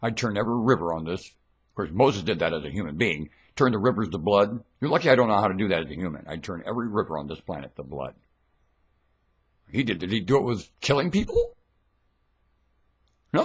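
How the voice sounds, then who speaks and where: A man giving a rambling, scornful religious monologue into a webcam at home, dropping to low mutters and then bursting into shouts. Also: very animated, fairly quick, pauses often, breathy edge, highs cut off. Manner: preachy, scornful, lectures the listener.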